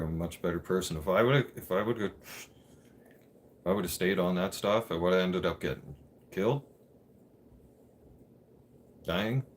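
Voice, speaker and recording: A man's voice: sits low, slight background noise. A man in his thirties telling a personal story on his channel, candid and blunt, swearing freely.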